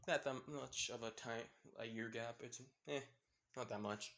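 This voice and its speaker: A man's voice: medium pitch, fairly even intonation, normal speed, fairly bright tone. Man, casual storyteller, rambling, self-correcting, filler-heavy. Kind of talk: casual fan-fiction storytelling.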